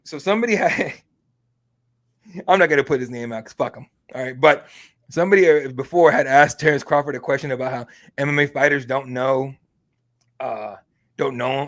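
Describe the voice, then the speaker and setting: A man hosting an MMA podcast, telling a story in a casual, excitable and profane way. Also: mid-range voice. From Mexican heritage. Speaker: MMA podcast host and reporter.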